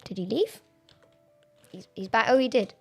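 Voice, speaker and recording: A woman's voice: a little high, normal speed, creaky, breathy edge. An Australian woman streaming a Minecraft game at home, chatting casually, giggling often and thinking aloud. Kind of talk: casual live-stream commentary. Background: faint background music.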